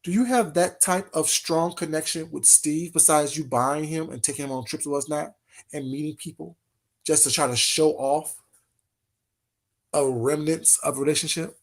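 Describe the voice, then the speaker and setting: A man's voice: fairly high pitch, steady tone, normal speed. A man hosting a casual livestream, talking straight to his chat in a heated, repetitive way. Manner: heated, talks straight to chat, repeats phrases. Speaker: livestream host.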